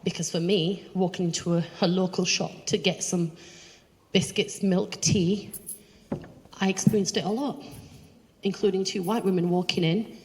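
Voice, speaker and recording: A charity chief executive with a low voice gives a personal talk to an audience, walking around away from the podium in a reverberant event hall. She tells stories at a moderate pace, animatedly acting out other people's voices, with slight background noise.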